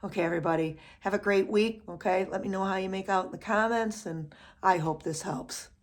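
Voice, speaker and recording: A woman's voice: medium pitch, fairly quick. Woman drum teacher, chatty lesson. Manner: says "okay?" after most phrases, counts beats aloud.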